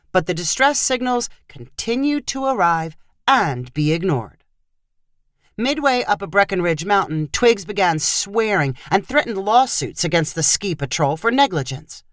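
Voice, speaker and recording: Woman, story narrator, expressive, lively pitch, dry recording. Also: no room sound. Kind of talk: fiction story reading.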